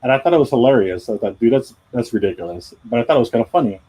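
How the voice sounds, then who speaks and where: A middle-aged man chats on a live drawing stream with a quick, tumbling pace. His voice is husky, and he rambles in a jokey, self-deprecating way. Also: mid-range voice, animated, dark tone, rough recording. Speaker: comic artist hosting a live drawing stream. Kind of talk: casual chat.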